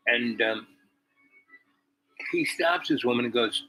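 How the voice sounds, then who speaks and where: A man's voice: medium pitch, takes it slowly, long pauses, sharp tone, a little hiss or hum, poor audio. A man hosting a vlog, telling stories and musing in a meandering, casual monologue. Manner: meandering storyteller, drifting between anecdote and musing. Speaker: vlog host.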